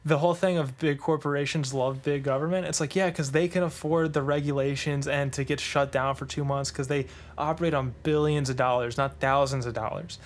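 A man's voice: a little high, steady tone, a little hiss or hum. A young man co-hosting a podcast, arguing his views in casual chat and laughing often. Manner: argumentative, laughs often, quick opinions. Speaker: podcast co-host.

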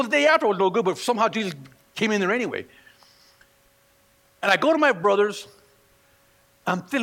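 A man delivers a church sermon as an animated storyteller, acting out the people in his stories. His voice sits high and bright with a gravelly edge. The recording carries the long reverb of a large hall. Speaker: pastor.

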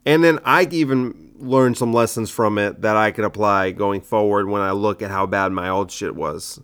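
A young adult man with a fairly low, clear, resonant voice and a fairly bright tone speaks at normal speed. He's a stand-up comedian and podcast host doing a casual solo monologue on his own show, rambling and poking fun at his old jokes.

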